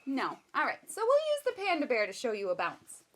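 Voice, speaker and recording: A woman's voice: high voice, huge pitch swings, brisk. A woman educator leading a baby storytime at home, talking playfully to caregivers and her toddler. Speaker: children's museum educator.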